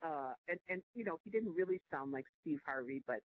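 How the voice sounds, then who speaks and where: A woman guest on a podcast interview, telling a personal story in an animated way with many fillers and restarts. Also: deep voice, fairly quick. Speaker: podcast guest, nonprofit president. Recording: dry, phone-like call audio.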